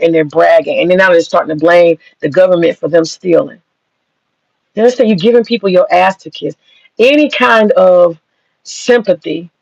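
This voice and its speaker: Blunt, gravelly-voiced commentator man. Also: high-pitched, a little mellow, dry recording. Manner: blunt, profane, emphatic. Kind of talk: casual commentary. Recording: dull lo-fi sound.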